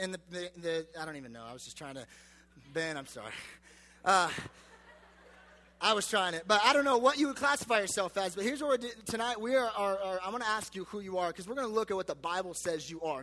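Young male youth pastor, high bright voice, joking and casual, in a reverberant hall. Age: 20s. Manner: chatty, joking, self-deprecating, many fillers.

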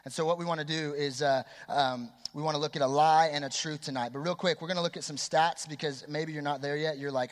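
A man in his twenties preaching a youth sermon in an energetic, chatty way, quizzing the crowd. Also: fairly high pitch, quick pace, few pauses. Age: 20s. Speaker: youth pastor. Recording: long hall reverb.

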